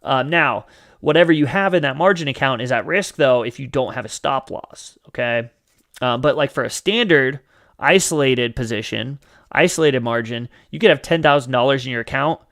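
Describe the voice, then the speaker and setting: Teaching trading on a live question-and-answer stream, this man talks chattily with frequent fillers and "you guys," now and then playing a panicked trader. His voice is medium-pitched and a bit bright, at a moderate pace.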